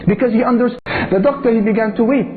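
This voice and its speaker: A man's voice: very high voice, quick pace, soft background music. A man preaching, telling a story dramatically and acting out voices. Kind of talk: religious talk. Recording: tinny phone-like audio.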